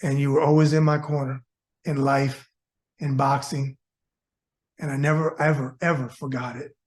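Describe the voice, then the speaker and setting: A man's voice: mid-range voice, little pitch movement, normal speed, a little mellow. A man from South Florida, a former boxer hosting his own show, telling a personal story in a folksy, heartfelt way and speaking straight to his viewers.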